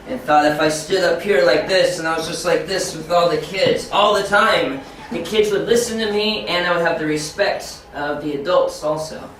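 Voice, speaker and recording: Animated man training teachers in an echoey room. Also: a little high, normal speed, few pauses. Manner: animated, acts out classroom scenes. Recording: echoey room, distant mic, faint noise.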